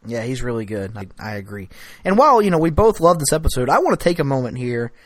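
A man co-hosting a casual TV recap chat, arguing in a teasing, mock-formal, deliberate way. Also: medium pitch, very animated, no room sound, studio quality. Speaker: podcast co-host.

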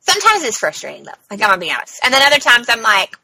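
Chatty high bright-voiced woman. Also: very animated, racing, a little hiss or hum, rough recording. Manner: chatty, many "like" and "um" fillers. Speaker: podcast co-host. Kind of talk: casual chat.

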